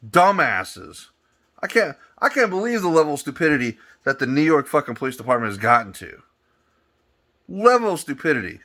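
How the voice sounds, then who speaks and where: Bright-voiced man on an angry rant. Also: on the high side, sing-song, brisk. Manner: angry, swearing, repeats words as he builds up. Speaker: vlogger. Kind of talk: profane political rant.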